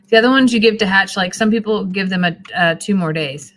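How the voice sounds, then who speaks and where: A woman's voice: lowish voice, normal speed, a bit bright, slight background noise. A woman chatting casually on a live stream, sleepy and rambling as she thanks viewers. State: sleepy, yawning. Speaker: homesteading livestreamer.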